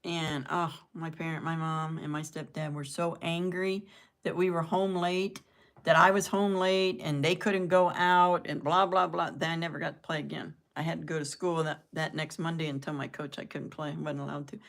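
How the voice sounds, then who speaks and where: Chatting casually on her live stream, this older Southern woman from the United States rambles on and chuckles at her own jokes. She speaks at a moderate pace in a low, gravelly voice with little pitch movement.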